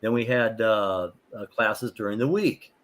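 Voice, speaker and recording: An older man, a martial arts instructor, chatting as a guest in a rambling, animated way with many fillers and restarts. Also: on the low side, a little slow. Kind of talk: casual storytelling.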